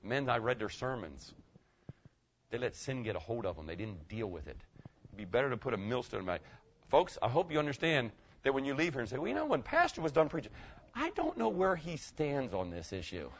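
A middle-aged man preaching a sermon as pastor, swinging between loud emphatic lines and hushed ones. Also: medium pitch, lo-fi sound, slight background noise. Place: church.

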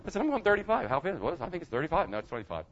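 A man's voice: a little high, huge pitch swings, rapid-fire, lo-fi sound, slight background noise. A man preaching a sermon as pastor, telling folksy stories and repeating his point straight to the congregation. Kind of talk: storytelling sermon.

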